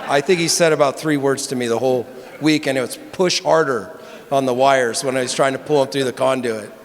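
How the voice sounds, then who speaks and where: A man giving a tribute speech, telling a wry anecdote that turns earnest. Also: medium pitch. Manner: wry storytelling turning earnest. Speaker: longtime employee giving a tribute. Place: banquet hall. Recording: echoey hall with murmuring crowd.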